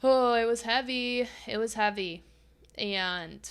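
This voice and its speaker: A woman's voice: fairly high pitch, slow, clean tone. A young adult woman hosting a podcast, candidly telling a personal story and acting out past conversations with frequent swearing. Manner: candid and profane, reenacting her own past dialogue. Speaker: podcast host.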